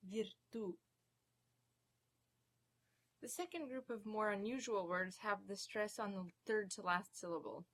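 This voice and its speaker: A woman giving a recorded beginner language lesson, speaking clearly and slowing down to model each example word. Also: medium pitch, a bit bright. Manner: clear, measured teaching delivery, slowing for model words. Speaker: language teacher.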